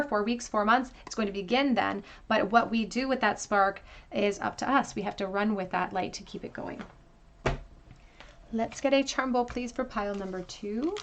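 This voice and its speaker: A woman talks viewers through a tarot pick-a-card reading in a gentle, reassuring way. She thinks out loud as she turns the cards, with frequent ums, in a voice of ordinary middle pitch. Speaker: tarot reader.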